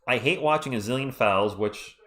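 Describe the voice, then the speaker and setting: A man, hoarse and losing his voice, doing fan play-by-play on a live stream and ranting about referee calls. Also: mid-range voice, normal speed, a bit bright.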